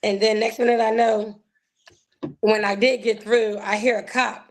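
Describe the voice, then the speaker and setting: Animated woman telling a story. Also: fairly high pitch, unhurried, slight background noise. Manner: animated, acts out quoted voices. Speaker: guest. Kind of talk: emotional personal storytelling.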